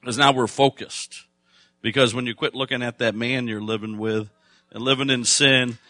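Male pastor, bright forceful voice, dry close sound, conversational with emphatic swells. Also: medium pitch, steady tone, normal speed, dry recording. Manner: conversational preaching, rising to loud emphatic bursts. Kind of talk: sermon.

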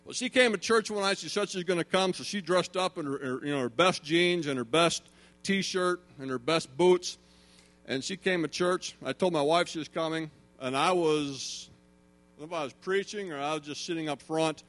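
A middle-aged man preaching a sermon, telling stories in an animated way and building to emphatic preaching. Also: a little high, normal speed. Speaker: pastor.

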